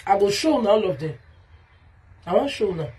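A woman with a Nigerian Pidgin English accent delivers a heated vlog rant, circling back to the same points again and again. Her voice is deeply husky and breathy, sitting at a middling pitch. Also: sing-song, normal speed, warm tone. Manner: heated, repetitive, calls out someone by name. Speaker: vlogger. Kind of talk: ranting vlog monologue.

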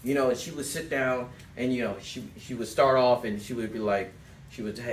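A man giving a sales coaching talk to a small group, telling stories in a loose, animated way and acting out quotes. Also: medium pitch, a little fast. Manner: animated storyteller, acts out quotes, loose rambling phrasing. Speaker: sales trainer. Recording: echoey room, mic at a distance, faint background noise.

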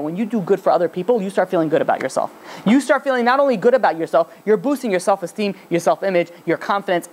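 A man, a rabbi, giving a storytelling lecture in a rambling way full of fillers. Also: fairly high pitch. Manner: rapid, rambling, filler-heavy talk.

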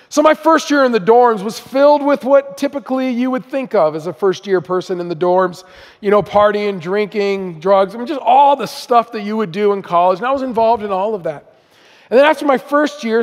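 A middle-aged man from Southern California, a missionary guest speaker telling his story in a conversational, humorous sermon. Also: high-pitched. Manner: conversational, humorous, self-deprecating. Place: church auditorium. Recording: long hall reverb.

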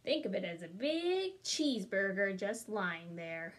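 A woman reading a storybook aloud as a smooth-talking male wolf, chatty and wry in tone. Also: mid-range voice, very animated, unhurried, voice pushed down. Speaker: storybook reader. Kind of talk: children's read-aloud.

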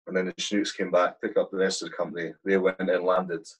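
A low, husky male voice, a soldier in his thirties recounting combat with blunt, salty language. He talks casually, like he's with a mate. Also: flat delivery, fast, rough recording. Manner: blunt, swears freely, vivid war anecdotes. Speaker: guest, army platoon sergeant. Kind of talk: casual storytelling.

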